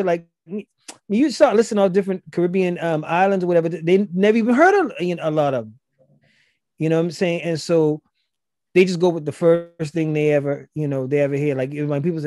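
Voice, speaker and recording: A man's voice: a little high, quick pace, a little mellow, dry recording, clean studio sound. A man from South Carolina with a Gullah Geechee accent, a podcast guest explaining language in a loose, chatty way with many fillers. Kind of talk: casual podcast conversation.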